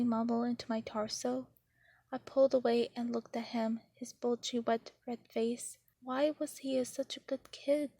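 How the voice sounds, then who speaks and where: A woman reading a novel chapter aloud in the first person, in a steady, even way. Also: a little high, moderate pace, gravelly, dry recording. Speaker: narrator.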